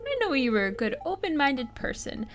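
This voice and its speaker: A woman voicing a scruffy old man who lives rough in a video game, gruff and then gently pleading. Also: high voice, big pitch swings, a little fast, over music, pitched above the performer's own voice. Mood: earnest. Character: scruffy old male wild-living camper.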